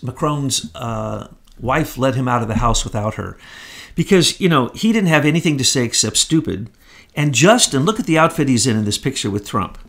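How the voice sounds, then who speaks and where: A man with a fairly high-pitched voice talks in an emphatic, scornful way. He co-hosts a political commentary chat. His speech is pointed and insistent. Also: creaky, a bit bright. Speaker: co-host.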